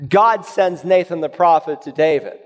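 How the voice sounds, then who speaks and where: A man preaching a sermon, reading scripture in a low, measured voice and rising to loud, emphatic points. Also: big-room sound. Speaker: pastor.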